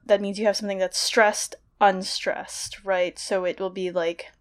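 A young woman talks through a literary analysis in a casual, thoughtful way. She explains as she goes, circling back with fillers and restarts. Her pitch sits in the middle of the range for a woman. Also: darkish tone. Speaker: podcast co-host discussing literature.

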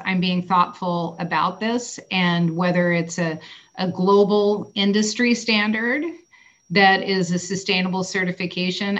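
A woman's voice: fairly low pitch, a bit bright, muffled recording. A woman being interviewed, talking casually with many fillers in an upbeat way. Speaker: wine producer guest. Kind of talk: conversational interview.

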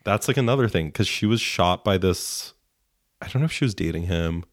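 A man's voice: deep voice, animated, brisk, no room sound, clean studio sound. A man co-hosting a casual chat, snarky and ranting, swearing freely. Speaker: podcast co-host.

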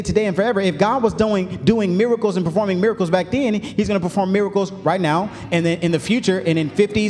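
A male pastor preaching a sermon, building up to shouts, with folksy asides. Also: high-pitched, in a large hall.

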